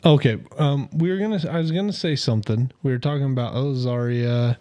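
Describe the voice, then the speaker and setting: A man's voice: medium pitch, fairly quick, warm tone, slight background noise. A man co-hosting a podcast, talking in a rambling way with many restarts. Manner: rambling, lots of fillers and restarts. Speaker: podcast co-host. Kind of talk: casual chat.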